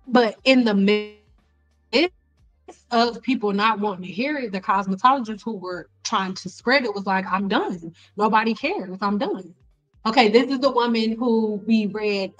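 A middle-aged woman cosmetologist hosting a casual live stream, blunt and animated, talking straight to her viewers with slang and exasperated repetition. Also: a little high, rough recording. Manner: frequent laughs and exasperated repetition. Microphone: desk mic.

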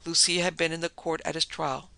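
A man reading a horror story as podcast narrator, in a measured, dramatic way. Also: fairly high pitch, flat delivery, gravelly, bright, forceful tone, no room sound, low-quality recording.

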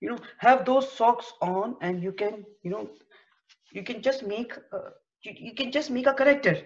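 A woman's voice: fairly high pitch, normal speed. A woman teaching storytelling to early-years educators, explaining with many fillers. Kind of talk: storytelling lesson. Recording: dull lo-fi recording.

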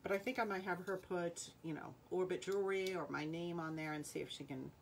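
A woman's voice: fairly low pitch, steady tone, brisk, creaky, slight background noise. A woman with a Rhode Island accent hosting a live jewelry sale, chatting casually and reading out viewer names and playing cards. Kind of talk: live-stream sales chat.

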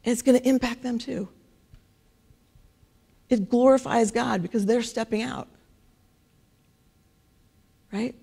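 A woman's voice: fairly high pitch, takes it slowly, creaky, long pauses, dark tone, slightly rough. A woman preaching a casual sermon in church, talking conversationally and often checking in with "right?". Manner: conversational, keeps asking "right?".

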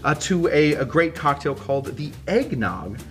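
Bright-voiced man rambling over cocktails. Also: fairly high pitch, very animated, normal speed. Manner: rambling, many fillers and restarts. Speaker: cocktail show co-host and bartender. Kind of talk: casual livestream chat. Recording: music faintly behind.

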